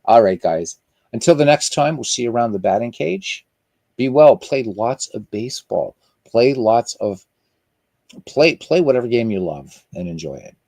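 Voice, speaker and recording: A man's voice: fairly low pitch, a little mellow, no room sound. A man hosting a live stream in casual chat, rambling and chatty as he greets viewers by name.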